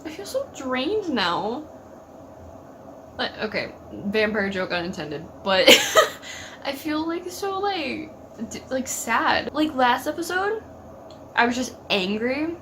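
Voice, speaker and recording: A woman's voice: fairly high pitch, big pitch swings, takes it slowly, bright, forceful tone, slight background noise. A young woman chatting emotionally about a TV episode, filling her talk with "like" and talking back at the screen. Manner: gushing, filler-heavy, talks back at the screen. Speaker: TV reaction vlogger. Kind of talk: casual emotional reaction chat.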